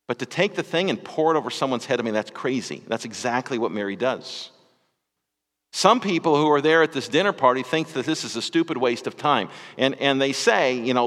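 Man, pastor, conversational sermon, mid-pitched voice, small restarts, long church-hall reverb. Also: fairly bright tone. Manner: conversational preaching with small repeats and asides.

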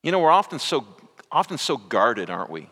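A man preaching a sermon as pastor, swinging from loud, stretched phrases to hushed asides. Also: medium pitch, big pitch swings, brisk. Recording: reverberant hall.

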